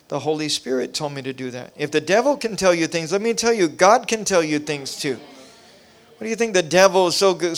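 Male pastor, revival preacher; smooth voice, impassioned delivery that climbs in intensity. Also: on the high side. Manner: impassioned, rising to near shouting; preacherly cadence with repetition. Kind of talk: revival sermon testimony.

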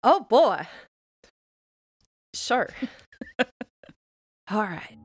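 A woman at a tabletop game telling a goofy fairy tale in an unhurried, husky-edged drawl. Her voice has a creaky, gravelly texture. She stumbles now and then and laughs through her own jokes, with faint music underneath. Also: medium pitch. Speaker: player. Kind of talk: casual tabletop play and improvised storytelling.

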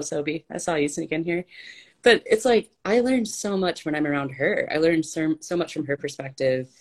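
Low-voiced chatty woman guest. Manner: laughs often, filler-heavy chatty delivery. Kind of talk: casual conversation.

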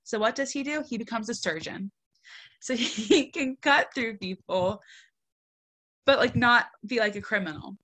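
A woman with a bright, forceful voice talks through a book review in casual podcast chat. She is animated and swears freely, and she reads favorite lines in a dry, deadpan way. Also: fairly high pitch, measured pace.

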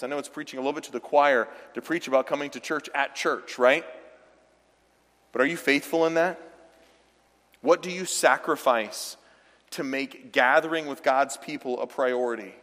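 A man's voice: medium pitch, normal speed, fairly bright tone. A male pastor preaching a sermon, speaking with emphatic, direct exhortation in a church sanctuary. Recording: long reverb of a large church hall.

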